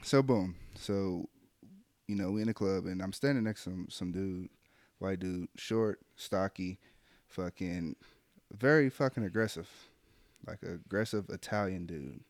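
A man with a lowish voice tells a story in relaxed, profane chat. He is animated and slips into the voices of the people he quotes. The sound is dry and close. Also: unhurried, no echo. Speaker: podcast co-host telling a story.

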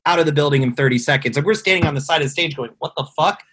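A man with a slightly higher, husky voice tells a long, rambling tale in casual podcast chat. He swears freely and fills his talk with "like" and "you know.". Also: racing, a bit bright. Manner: rambling storyteller, profane, many fillers. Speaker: guest telling a tour story.

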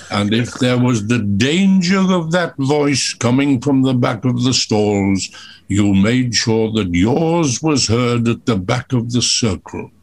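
An older man from Wales, a veteran entertainer, tells stories slowly with dry humor in a radio chat. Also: medium pitch, expressive, a little hiss or hum. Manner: slow, measured storyteller with dry humor.

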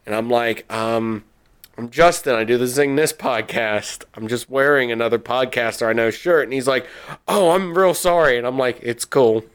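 A man's voice: mid-range voice, steady tone, normal speed, clear, resonant tone. Chatty man telling a rambling story. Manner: rambling storyteller, laughs often. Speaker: podcast host. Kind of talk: casual chat.

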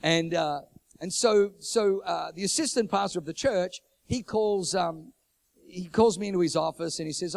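A middle-aged pastor preaches from the pulpit and tells his stories with a lot of animation. His voice sits a little high for a man. When he quotes other people, he acts out their voices, and his pitch jumps around. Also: normal speed, vocal fry. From New Zealand. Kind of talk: sermon storytelling.

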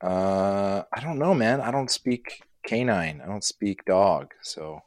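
A man's voice: fairly low pitch, animated, slow, no room sound, clean studio sound. A young man with a Canadian accent, casually chatting as a podcast co-host, laid-back and profane. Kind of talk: casual chat.

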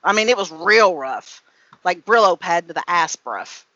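A woman's voice: lowish voice, expressive, normal speed, sharp tone, dry recording. A tipsy woman author being interviewed on a video call, giggling, swearing and rambling. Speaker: author guest. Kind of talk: casual podcast interview. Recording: dry, dull lo-fi call audio.

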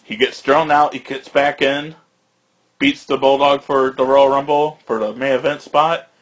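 A man's voice: mid-range voice, little pitch movement, measured pace. A man co-hosting a casual podcast, opinionated and arguing his points. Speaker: podcast co-host. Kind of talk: casual chat. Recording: slightly dull lo-fi sound.

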